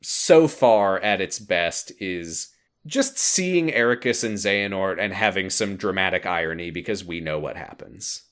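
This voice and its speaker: Lively low-voiced man recapping a story. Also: a little slow. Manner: animated, jumps into voices for quoted lines, laughs often. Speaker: podcast co-host recapping a game story. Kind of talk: casual chat.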